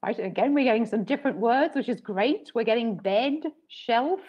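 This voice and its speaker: A woman training English teachers in an online session, explaining patiently and clearly with frequent "okay"s. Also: on the high side, animated, normal speed, a little mellow, rough recording. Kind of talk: webinar teaching talk.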